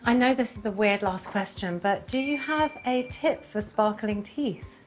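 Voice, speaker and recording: A woman hosting a cooking show, chatting enthusiastically as she cooks and then asking quick-fire interview questions. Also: fairly high pitch, a crowd in the background.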